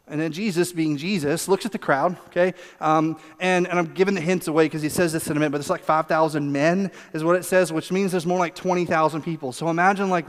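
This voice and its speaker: A male pastor preaching a conversational sermon, animated, laughing often and acting out quotes. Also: fairly high pitch. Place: church sanctuary. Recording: long reverb of a church hall.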